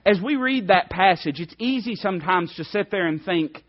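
A male preacher delivering a fervent sermon, swinging between loud emphasis and hushed, soft passages. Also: high voice, lively intonation, moderate pace, lo-fi sound.

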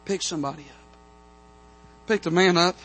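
A man's voice: high voice, unhurried, fairly bright tone. A man preaching a fervent revival sermon in a church, punctuating his points with "amen". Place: church sanctuary.

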